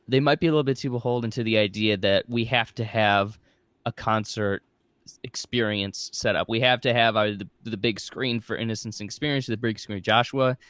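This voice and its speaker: A man's voice: fairly low pitch, steady tone, a little fast, fairly bright tone, clear, resonant tone, dry recording. Dry-sounding joking male podcast co-host. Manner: rambling, jokey, self-deprecating. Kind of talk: casual podcast chat.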